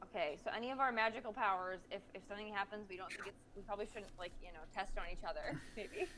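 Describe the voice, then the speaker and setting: A woman's voice: mid-range voice, fast, fairly bright tone, slight background noise. A woman playing a tabletop game, earnest and eager, asking questions about her powers. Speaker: player. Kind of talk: tabletop game play, casual chat.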